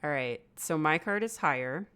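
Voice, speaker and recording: A woman running a tabletop role-playing game as game master, chatty and relaxed, thinking aloud as she explains the rules. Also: low voice, normal speed, smooth.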